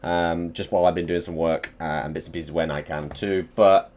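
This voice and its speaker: Hosting a casual live stream, a young man with a low voice speaks at a moderate pace. He's excitable and swears as he hypes up his chat ahead of an interview.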